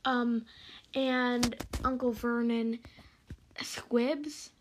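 A woman's voice: a little high, fairly even intonation, very slow, rough recording. A woman listening to a story and asking curious, hesitant questions.

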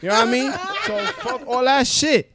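A man telling a profane, animated comic story in a casual podcast chat. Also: very high voice, moderate pace, background noise. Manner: animated, profane, acts out the people in his story.

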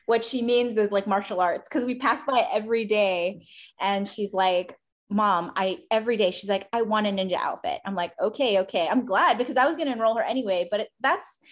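A woman with a mid-range voice chats casually in a loose, rambling way, full of fillers. She comes across as agreeable and easygoing, like a coach talking shop with a friend. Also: mid-range voice. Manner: warm, agreeable, rambling with many likes. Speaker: podcast host and coach. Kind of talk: casual chat.

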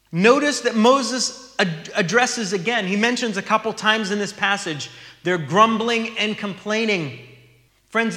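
Pastor, male, bright high voice, earnest sermon delivery, echoey church hall. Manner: earnest, teaching, reads scripture aloud.

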